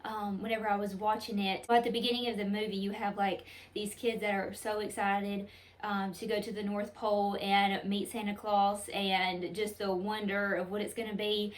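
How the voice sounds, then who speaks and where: A woman talks to her viewers in an earnest, heartfelt way, often saying "y'all." Her voice sits at a middle pitch. She sounds a little distant from the microphone. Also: little pitch movement, normal speed. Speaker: home decor vlogger. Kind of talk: casual heartfelt talk to camera.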